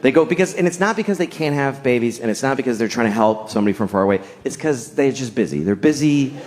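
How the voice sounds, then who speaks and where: A man's voice: mid-range voice, expressive, fast talker, a little mellow. A man doing stand-up comedy, telling a wry story.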